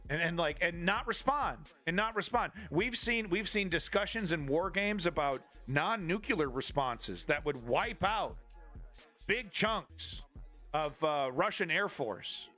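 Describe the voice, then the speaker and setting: A man rants on a live stream with a slightly high, forceful voice. He swears freely and stays flippant, stumbling and restarting his sentences. Faint music plays underneath. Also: animated, unhurried. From Canada. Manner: profane, flippant, repetitive restarts. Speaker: political commentary streamer. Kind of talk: live-streamed political rant.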